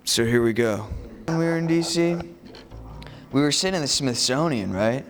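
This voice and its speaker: A man's voice: medium pitch, expressive, normal speed, faint music behind. Rambling man telling a travel story. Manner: rambling, leans heavily on "you know" and "like". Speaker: vlogger. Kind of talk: casual storytelling vlog.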